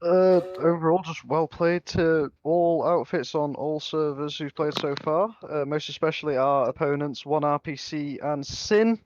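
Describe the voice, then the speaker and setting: A man's voice: fairly high pitch, a little slow, few pauses, darkish tone, no room sound, dull audio. A man on voice chat, brief and upbeat, congratulating other teams. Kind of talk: casual voice chat.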